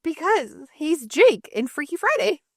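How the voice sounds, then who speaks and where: A woman in her thirties co-hosting a podcast in casual chat, telling lively stories, playing other people's lines and laughing as she goes. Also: very high-pitched, measured pace. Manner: animated storytelling, acting out others with laughs and swearing. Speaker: podcast co-host.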